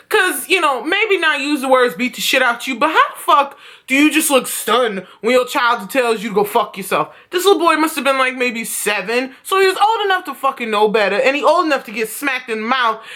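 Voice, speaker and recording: A woman's voice: high-pitched, bright, forceful tone. A young woman vlogging at home, telling stories in a blunt, profane rant. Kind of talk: casual vlog rant.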